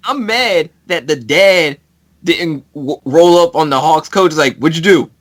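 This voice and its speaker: A man's voice: on the high side, slow, a bit bright. A man in casual podcast chat, recapping movie scenes and laughing along. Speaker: podcast co-host.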